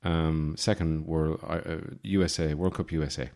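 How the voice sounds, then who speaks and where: Very deep-voiced Irish man rambling. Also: normal speed. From Ireland. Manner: deadpan, digressive, with frequent fillers and restarts. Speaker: podcast host. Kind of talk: rambling comic monologue.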